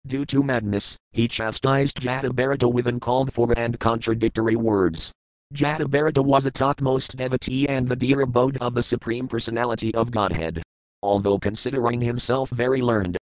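Guy reciting scripture slow and steady, smooth voice, dead dry recording. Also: medium pitch, dry recording, poor audio. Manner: steady, measured recitation of verses and glosses. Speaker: reader.

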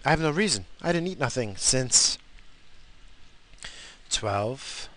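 A man's voice: medium pitch, animated, takes it slowly, fairly bright tone, a little hiss or hum. A man in a car, talking while he drives, in a crude, profane, rambling monologue.

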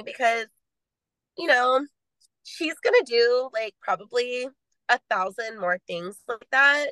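A woman's voice: a little high, expressive, unhurried, sharp tone, dry recording, poor audio. A young adult woman talking as a podcast guest, earnest and rambling, sharing her faith in a casual way. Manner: earnest, rambling with many "like" fillers.

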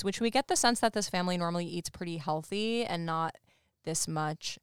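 A woman co-hosting a podcast, recapping a show in casual chat, full of "like" and quick asides. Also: fairly low pitch, smooth, no echo, clean studio sound. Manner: chatty, lots of "like", laughs while talking. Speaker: podcast co-host.

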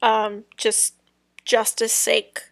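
Slow, gravelly-voiced young woman podcaster. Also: on the high side, completely flat delivery, no echo. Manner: rambling, hesitant, many ums and trailing sentences. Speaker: podcast host. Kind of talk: casual true-crime podcast storytelling.

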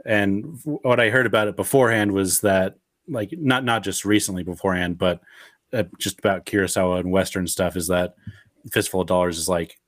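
A man co-hosting a film-review podcast who speaks in an animated way, with many halting restarts. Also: sits low, no room sound, studio quality. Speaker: podcast co-host. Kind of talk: casual film-review chat.

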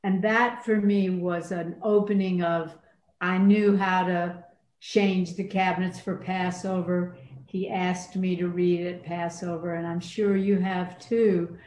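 A woman's voice: fairly low pitch, takes it slowly. An older woman from Atlanta, a priest and former university chaplain, telling stories in a reflective, conversational way. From Atlanta, USA. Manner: storytelling, animated with laughs. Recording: roomy echo.

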